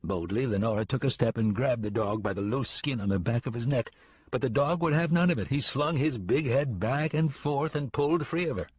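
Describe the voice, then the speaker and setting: A man narrating an audiobook in a steady, even reading. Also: medium pitch, brisk, slightly rough, no room sound. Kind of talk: scripted narration.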